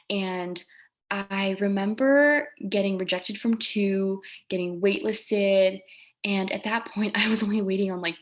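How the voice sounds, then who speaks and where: A young woman in her twenties, a guest on an interview, telling a personal story casually and animatedly, acting out quotes. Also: medium pitch. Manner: animated, quoting herself and others, frequent laughs. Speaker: guest, physical therapy school applicant.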